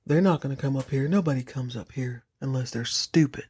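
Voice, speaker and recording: A woman voicing a creepy male groundskeeper who gives low, flat, clipped replies. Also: brisk, husky. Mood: curt. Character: creepy gruff male groundskeeper, curt and ominous.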